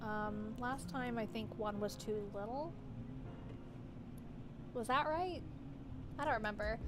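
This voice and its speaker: A woman voicing a calm, polite young woman who runs a hookah lounge and speaks softly and courteously. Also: a little high, slow pace, heavy background noise, pitched below the performer's own voice. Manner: soft, courteous, attentive.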